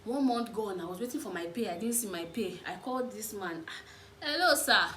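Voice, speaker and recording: A woman's voice: mid-range voice, a little fast. A young woman in her twenties with a Nigerian accent, telling stories in a casual vlog and acting out the people in them. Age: 20s. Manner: animated, acts out the other people in her stories. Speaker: vlogger. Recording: echoey room, faint background noise.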